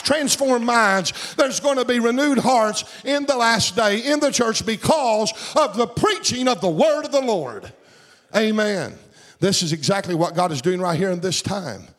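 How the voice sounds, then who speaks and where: A man preaching a fervent sermon as pastor, breaking into shouts and a sing-song cadence. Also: high-pitched, animated, moderate pace.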